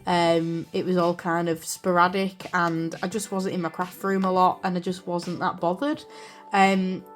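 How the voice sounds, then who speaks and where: A woman's voice: lowish voice, level tone, unhurried, soft background music. Chatty British woman vlogging. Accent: British English. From United Kingdom. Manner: chatty and rambling, with frequent fillers and apologies. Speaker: journaling vlogger. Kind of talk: casual chat. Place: craft room indoors. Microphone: camera on a desk stand.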